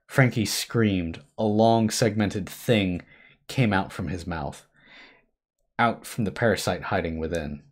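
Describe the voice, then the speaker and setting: A man hosting a live stream, reading a horror story aloud with expressive shifts between hushed and urgent delivery. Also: low voice, normal speed, slightly rough. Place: home streaming setup.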